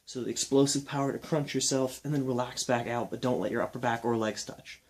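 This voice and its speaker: A young man explaining and demonstrating ab exercises in a casual, relaxed way while counting reps aloud. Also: mid-range voice, moderate pace. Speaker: fitness instructor.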